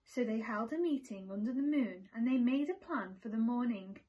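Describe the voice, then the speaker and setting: A woman teacher reading a picture book aloud to children in a slow, expressive storytelling manner. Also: fairly high pitch, breathy edge, dull audio.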